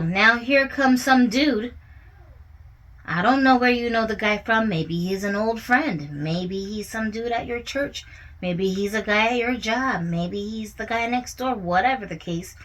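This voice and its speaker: A woman's voice: mid-range voice, fairly bright tone, low-quality recording. Chatty woman commentator, conversational. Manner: conversational, often asks "you know what I'm saying?". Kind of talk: casual relationship commentary monologue.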